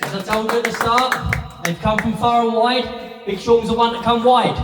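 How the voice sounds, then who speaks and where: A man's voice: very high voice, level tone, normal speed, over a noisy crowd. A man as compère, jokily announcing the act in a pub comedy room. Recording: noisy, echoey pub room from far off.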